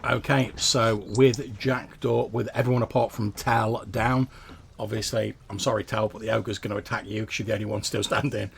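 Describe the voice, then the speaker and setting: A low-pitched man with a gravelly edge to his voice runs a tabletop game. He narrates combat in a descriptive way, with the odd stumble. A faint hiss sits under his voice. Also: flat delivery, moderate pace. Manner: descriptive, lightly hesitant narration. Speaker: game master.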